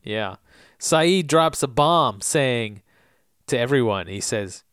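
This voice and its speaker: A man co-hosting a casual podcast and recapping an episode. He often drops into a low, hushed voice to read out quotes and laughs a lot. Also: takes it slowly, clear, resonant tone, no echo, studio quality. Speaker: podcast co-host.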